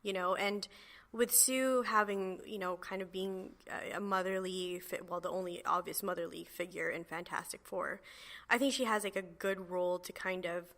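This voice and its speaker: A woman hosts a relaxed podcast conversation. Her voice is bright and clear, and her speech is loose and chatty, full of "like" and "you know.". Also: on the low side, moderate pace. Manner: chatty, laughs often, many fillers. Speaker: podcast host. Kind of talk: casual chat.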